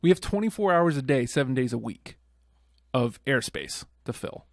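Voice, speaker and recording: Lively upbeat radio co-host man. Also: medium pitch, moderate pace, no echo, studio quality. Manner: upbeat, repeats points for emphasis. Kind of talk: casual radio chat.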